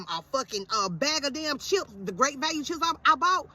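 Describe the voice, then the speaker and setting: A woman telling a comic story in a profane, animated rant that swings from yelling to muttering. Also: high-pitched, normal speed, few pauses.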